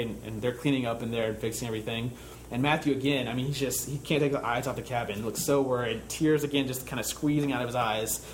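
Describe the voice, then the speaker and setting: A young man with a medium-pitched voice, working as a camp counselor, preaches a church sermon conversationally. He tells a camp story with frequent fillers and restarts, and there's slight background noise.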